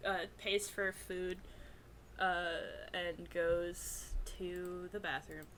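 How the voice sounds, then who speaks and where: A woman's voice: fairly low pitch, fairly even intonation, extremely slow, fairly bright tone, slight background noise. A woman playing a tabletop game, talking casually and giggling often. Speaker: player.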